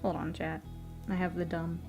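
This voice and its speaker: A woman streamer chatting casually with her live chat while she works, often murmuring softly, laughing easily, with a stuffy nose. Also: fairly low pitch, flat delivery, normal speed, music in the background.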